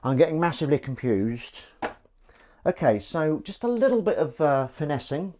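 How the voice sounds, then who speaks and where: A man's voice: a little high, big pitch swings, moderate pace, a little mellow, slight background noise. A man, an actor, chatting loosely and self-deprecatingly to live-stream viewers while he does the washing up in his kitchen. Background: faint running water and dish clatter.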